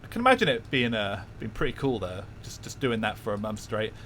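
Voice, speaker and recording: Soft-spoken, bright-voiced male streamer. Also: lowish voice, very animated, a little fast, a little hiss or hum. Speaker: VTuber streamer. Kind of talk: casual stream chat.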